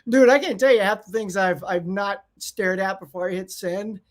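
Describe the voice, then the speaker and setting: A man hosting a casual live stream from home, chatting excitedly and greeting viewers by name. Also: sits high, moderate pace. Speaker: channel host. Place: home room.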